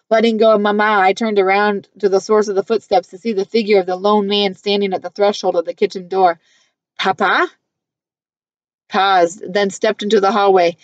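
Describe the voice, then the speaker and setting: A woman narrates a novel in the first person, measured and earnest, at a mid pitch. The recording is dry and close, with a somewhat dull, muffled top end. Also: no room sound. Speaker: audiobook reader.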